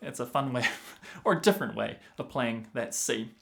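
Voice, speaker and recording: A man gives a clarinet lesson in a patient, step-by-step way. His voice sits at a middle pitch, and he counts beats and sings syllables aloud to show the rhythm. Clarinet phrases are heard between his explanations. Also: expressive, normal speed, vocal fry, a bit bright, soft background music. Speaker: clarinet teacher. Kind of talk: instructional explanation.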